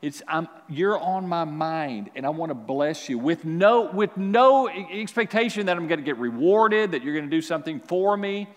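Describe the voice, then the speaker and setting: A man preaching a sermon as pastor, with animated delivery that swings from quiet to loud. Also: fairly high pitch, moderate pace, hardly any pauses, big-room sound.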